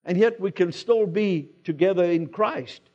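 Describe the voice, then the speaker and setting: A South African man preaching in a church, talking to the congregation as though chatting with friends. His voice sits fairly high for a man. The recording is dull and lo-fi. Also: a little slow, darkish tone. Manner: conversational preaching with personal anecdotes. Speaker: pastor. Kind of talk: sermon. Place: church sanctuary.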